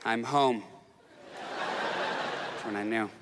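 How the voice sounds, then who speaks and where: A man performing a stand-up comedy set, telling neurotic, self-mocking stories and jumping into high excited outbursts. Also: very slow, very noisy. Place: stage in a comedy club with audience. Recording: live club recording with long reverb, faint crowd.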